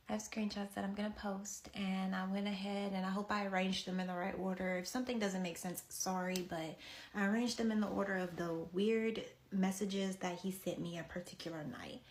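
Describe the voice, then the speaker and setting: A woman telling a personal story in a blunt, candid way, halting often with fillers. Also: on the low side, vocal fry. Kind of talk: casual storytime.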